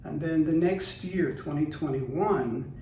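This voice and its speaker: A man's voice: a little high, takes it slowly, a little hiss or hum. Older American man, roomy far-off sound. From United States. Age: 60s. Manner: chatty, animated when telling anecdotes, laughs easily. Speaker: guest. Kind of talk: casual interview storytelling. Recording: roomy, distant mic.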